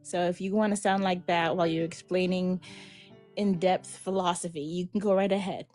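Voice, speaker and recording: A woman co-hosting a casual live-stream chat, who speaks with halting restarts and laughs often. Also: lowish voice, fairly even intonation, a little mellow, faint music behind.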